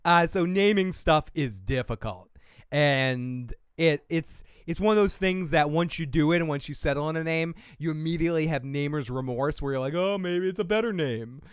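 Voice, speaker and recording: A man's voice: fairly high pitch, normal speed, clear, resonant tone, no echo, clean studio sound. A man hosting a casual live-stream podcast, rambling and joking with viewers while drinking, swearing freely. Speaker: podcast host.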